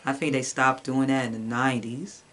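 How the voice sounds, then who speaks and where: Movie review co-host, mid-pitched voice, plain remarks, faint hiss behind. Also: steady tone, normal speed, a bit bright. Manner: short agreeing replies, plain remarks. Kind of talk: casual review chat.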